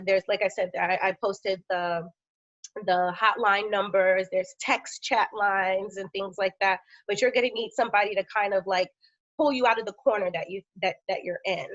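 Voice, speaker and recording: A woman health professional giving an informal educational talk, with conversational fillers and steady lists of symptoms. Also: medium pitch. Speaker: health professional speaking on a panel. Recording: dull, lo-fi dry sound.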